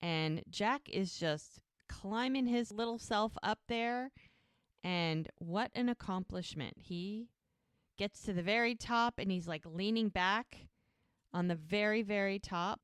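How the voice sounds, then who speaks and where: A woman's voice: medium pitch, takes it slowly, clean tone, dry recording, studio quality. A woman co-hosting a rewatch podcast, retelling scenes in a chatty way with lots of fillers. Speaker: podcast co-host. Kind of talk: casual rewatch podcast chat.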